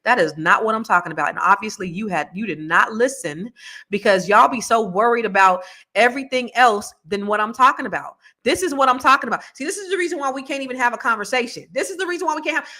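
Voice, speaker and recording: A woman hosts a casual livestream chat, reading viewer comments aloud and talking bluntly with plenty of cursing. She swings between mumbling and heated ranting. Her fairly high voice is animated, pushed and bright, and she talks fast.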